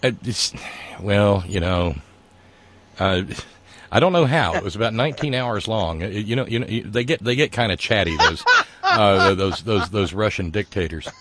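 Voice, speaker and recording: A man's voice: lowish voice, lively intonation, normal speed, fairly bright tone, slight background noise. A man co-hosting a casual political chat, rambling and sarcastic, with many fillers and restarts. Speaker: podcast co-host.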